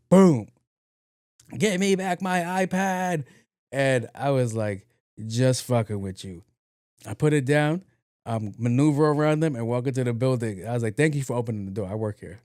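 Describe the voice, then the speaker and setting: A man's voice: mid-range voice, no echo, studio quality. A young man hosting a podcast, telling a story in a casual monologue, acting out both sides of a conversation and swearing freely. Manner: animated, acts out dialogue, swears freely. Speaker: podcast host.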